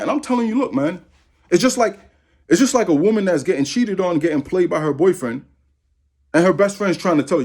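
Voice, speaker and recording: A man's voice: high voice, animated, a little fast, darkish tone, breathy edge. A man in his thirties from Massachusetts, ranting angrily to camera, profane and repetitive. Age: 30s. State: angry. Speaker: vlogger. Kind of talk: angry rant to camera.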